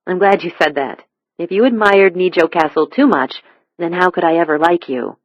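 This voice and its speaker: Reader doing a poised, gracious American woman, audiobook dialogue, mid-pitched, muffled dry sound. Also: moderate pace, no echo, close to an everyday voice. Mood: teasing.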